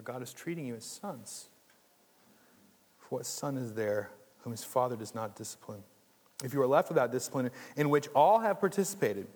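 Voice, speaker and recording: Man preaching in a reverberant hall. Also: mid-range voice. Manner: conversational, animated preaching with jokes and asides. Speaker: pastor. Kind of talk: sermon.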